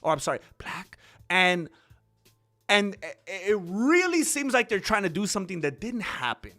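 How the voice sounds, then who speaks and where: Young man, casual commentary host, high lively voice, bright edge, rambling with restarts. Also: moderate pace, faint music behind. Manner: rambling, with many restarts and fillers.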